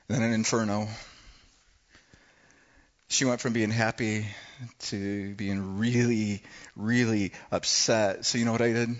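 A man preaching a sermon, telling a personal story in a conversational way with dramatic pauses. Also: medium pitch, muffled recording. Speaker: pastor.

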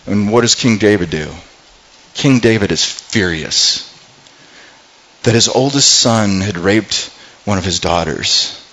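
A man's voice: on the low side, takes it slowly, long pauses, a bit bright, rough recording. A male pastor preaching a sermon, retelling a scripture story earnestly and often repeating words as he goes.

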